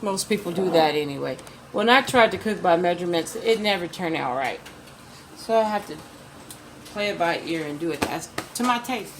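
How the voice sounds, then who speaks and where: A woman's voice: lowish voice, expressive, normal speed, background noise. A woman giving a casual cooking demo from her home kitchen, chatting to viewers as she adds each ingredient. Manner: chatty, addresses viewers as "you guys"; repeats ingredient names as she adds them. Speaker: cooking vlogger.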